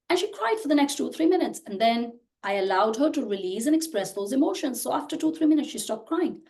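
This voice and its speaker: Earnest woman with a higher voice. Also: expressive, fast talker, mellow. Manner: earnest, explains with many restarts and "you know". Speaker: podcast guest, personal growth creator. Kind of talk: casual podcast conversation.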